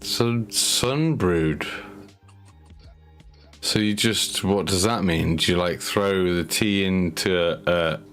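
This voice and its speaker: A man chatting casually while painting miniatures on a stream, talking in a relaxed, rambling way that often restarts mid-sentence. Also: low voice, slow pace, soft background music.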